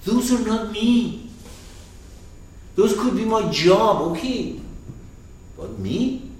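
A man's voice: high-pitched, animated, takes it slowly, a little mellow. A man teaching a class on a poetic text, speaking emphatically and asking his students questions. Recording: echoey room, distant mic, faint noise.

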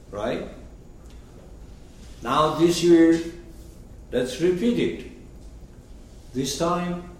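A man explaining a story in a slow, very lively lecture voice, often checking in with his listeners. He is recorded from a distance in a strongly echoing room, with faint background noise. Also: a little high. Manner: rhetorical questions, checking in with listeners. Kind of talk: lecture commentary. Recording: echoey room, mic far off.

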